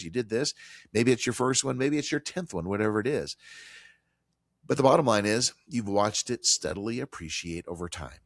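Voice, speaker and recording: A man hosting a financial talk show, chatting in a lively way and acting out little quoted exchanges between landlords and tenants. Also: fairly low pitch, no room sound. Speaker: radio show host.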